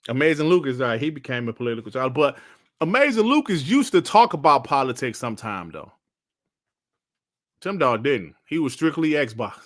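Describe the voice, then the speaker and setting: A man's voice: medium pitch, big pitch swings, fairly quick. A man hosting a casual gaming podcast, ranting bluntly with plenty of slang and swearing. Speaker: podcast host.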